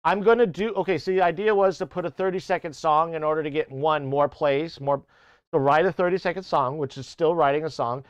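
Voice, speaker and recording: A man's voice: fairly high pitch, fairly even intonation, brisk, clean tone, dry recording, highs cut off. A man casually chatting to his live-stream audience, rambling and swearing, who keeps breaking off and sometimes slips into playful mock accents. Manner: rambling, swearing, self-interrupting. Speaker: music streamer.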